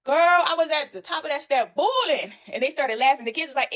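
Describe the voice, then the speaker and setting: Fast-talking indignant woman telling a story. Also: sits high. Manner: animated, indignant, addresses listeners as y'all and honey. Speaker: storyteller recounting her own experience. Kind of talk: casual storytime monologue.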